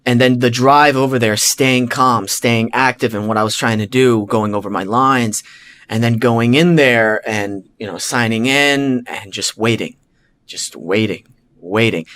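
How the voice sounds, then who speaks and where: Man casually telling an animated story. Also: medium pitch, unhurried. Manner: animated storyteller who acts out his own thoughts; frequent "like" and "you know" fillers. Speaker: podcast host.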